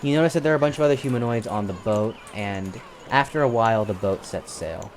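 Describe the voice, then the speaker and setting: A young man narrating a tabletop game as game master, halting often with ums and restarts, with music playing underneath. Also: lowish voice, a little hiss or hum.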